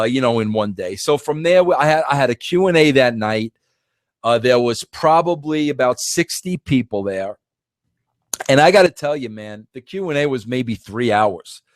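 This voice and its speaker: A man's voice: medium pitch, dry recording. A middle-aged man hosting a podcast, telling a long casual story with many restarts and emphatic repeats. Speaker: podcast host.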